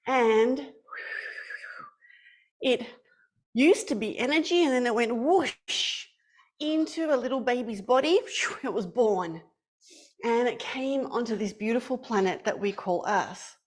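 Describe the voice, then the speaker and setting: A playful young woman with a bright, high voice, leading an online class for kids. She tells a story in a lively, sing-song way, the way a teacher talks to children on a webcam. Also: takes it slowly, pauses often.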